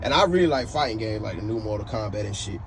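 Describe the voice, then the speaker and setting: A man telling a story to the camera in a casual, animated rant. He swears a lot and keeps asking "you know what I'm saying". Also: fairly low pitch, fast talker, slight background noise.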